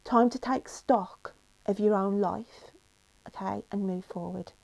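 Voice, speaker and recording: A woman's voice: medium pitch, unhurried, gravelly, a little mellow, no room sound. A woman giving a tarot reading, talking to viewers in an emotional, reassuring way with many fillers and frequent "okay?" checks. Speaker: tarot reader.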